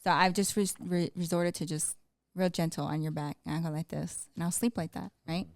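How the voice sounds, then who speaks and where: A woman co-hosting a couples podcast in casual chat, telling stories in an animated way with plenty of swearing. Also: lowish voice, brisk, no room sound, studio quality. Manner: animated storytelling, profanity, laughs a lot. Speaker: podcast co-host.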